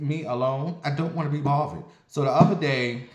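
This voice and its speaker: He's a man in his forties who vents and tells stories in a blunt, sassy, profane way. His pitch sits in the middle range, and a roomy echo hangs around his voice. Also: fairly quick, a little mellow, highs cut off, a little hiss or hum. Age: 40s. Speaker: vlogger. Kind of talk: casual storytelling monologue.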